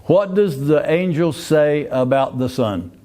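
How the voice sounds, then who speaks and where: A man's voice: a little high, animated, unhurried, mellow. An older man teaching a Sunday school Bible class in a folksy way, often asking the class questions and restarting his phrases.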